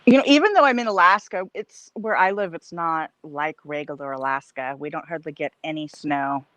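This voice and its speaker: A woman chatting casually in a relaxed, amused way. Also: low-pitched, moderate pace, dry recording. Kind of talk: casual chat.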